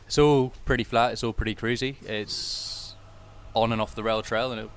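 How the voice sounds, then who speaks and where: A man's voice: medium pitch, fairly even intonation, normal speed, slight background noise. A man from South Wales with a British accent, a doctor chatting easily as a guest while out on a bike ride. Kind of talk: casual interview chat.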